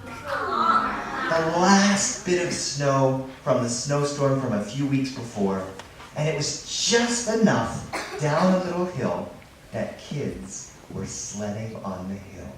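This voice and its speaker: A man telling a story out loud, playful and animated, sometimes dropping to a hush. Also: medium pitch, slow pace. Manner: animated, playful, drops to hushed tones. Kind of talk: live storytelling. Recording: distant echoey mic with noise.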